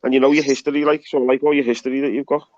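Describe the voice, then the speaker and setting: A man's voice: mid-range voice, flat delivery, racing, darkish tone, dry recording. A man from Liverpool with a Scouse accent, chatting as a guest, full of "like" and "you know". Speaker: stream guest. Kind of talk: casual chat. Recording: dull dry call audio.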